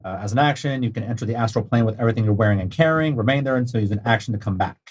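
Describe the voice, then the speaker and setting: A man, a player in a tabletop game, reading out item rules in quick bursts. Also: mid-range voice, slightly rough.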